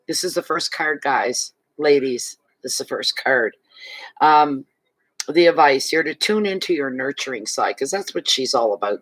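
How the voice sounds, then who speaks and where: A man's voice: medium pitch, fairly bright tone, dry recording, poor audio. A man giving a casual monthly tarot reading to his viewers, chatty and rambling, with many asides and restarts, tired and yawning. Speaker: tarot reader.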